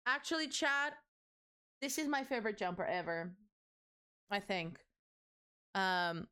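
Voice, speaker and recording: A woman's voice: fairly high pitch, a bit bright, clear, resonant tone. Chatty young woman streamer. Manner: chatty, rambling, self-described yapper. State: strained voice. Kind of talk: casual live-stream chat while building.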